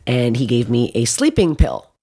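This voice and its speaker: A woman from Canada, a comedian guest, telling blunt, profane stories in casual podcast chat with lively quoted dialogue. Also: extremely low pitch, moderate pace, breathy edge.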